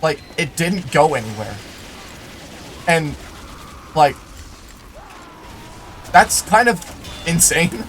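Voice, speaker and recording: A man's voice: on the high side, very animated, slow, pauses often, fairly bright tone, soft background music. A young man telling a rambling personal story while playing a game, full of fillers, restarts and sudden in-game remarks. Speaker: gaming YouTuber. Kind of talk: storytelling over live gameplay.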